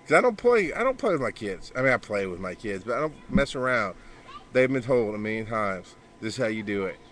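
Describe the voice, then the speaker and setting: A man's voice: fairly low pitch, sing-song, a little fast, a bit bright, slight background noise. A man talking casually to the camera in a blunt, profane way, scolding his kids between thoughts, outdoors by a pool. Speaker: podcaster and father. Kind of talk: casual vlog monologue.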